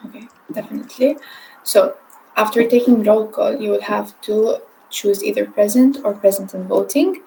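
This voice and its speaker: A woman's voice: mid-range voice, fairly even intonation, moderate pace, gravelly, warm tone, a little hiss or hum, low-quality recording. A woman chairing a mock conference on a video call, patiently explaining procedure and checking that others understand.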